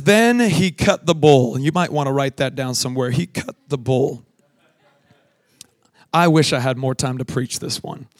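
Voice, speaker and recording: Emphatic preacher, higher male voice. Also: no room sound, clean studio sound. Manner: swings from loud emphatic preaching to quiet storytelling; laughs at his own story. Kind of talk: sermon with a told childhood story.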